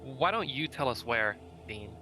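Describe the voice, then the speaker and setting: A man acting as game master, narrating a tabletop game in a relaxed, halting way. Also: medium pitch, faint music behind.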